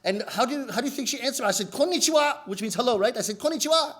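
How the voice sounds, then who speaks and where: High-voiced man telling comic stories. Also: rapid-fire. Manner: animated, acts out quoted voices. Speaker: rakugo comedian. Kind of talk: comic storytelling to camera.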